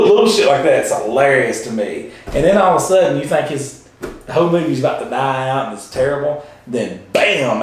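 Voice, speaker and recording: A man co-hosting a casual movie chat, excitable and swearing freely, full of fillers. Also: mid-range voice. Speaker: co-host. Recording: very echoey room.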